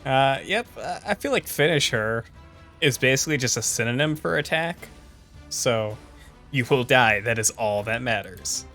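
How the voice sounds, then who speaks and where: A woman's voice: a bass voice, lively intonation, moderate pace, fairly bright tone. Exasperated woman streamer ranting over game music. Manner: profane, exasperated, laughing ranting. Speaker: streamer playing a video game.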